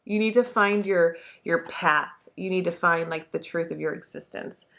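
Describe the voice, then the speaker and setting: A woman's voice: lowish voice, moderate pace, gravelly, a bit bright. Chatty young woman reading tarot. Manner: chatty, emotional, swears freely, many fillers. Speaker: tarot reader. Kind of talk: casual tarot reading monologue.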